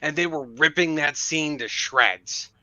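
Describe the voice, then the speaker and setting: A man with a fairly high voice rants with heat and swears freely in a casual chat. His mic sounds dull and lo-fi, and the room is dry and close. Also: unhurried, sharp tone, no echo. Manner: ranting, emphatic, profane. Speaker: podcast co-host.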